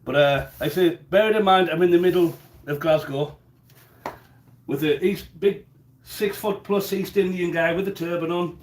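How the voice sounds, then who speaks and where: A man's voice: high-pitched, moderate pace, slight background noise. A man chatting casually in his home kitchen during a live cooking stream, rambling and often repeating words as he goes.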